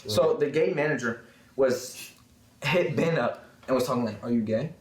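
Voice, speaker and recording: A man's voice: medium pitch, normal speed. A young man co-hosting a casual podcast chat, telling work stories in slang and laughing often. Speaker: podcast co-host. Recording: echoey room with faint noise.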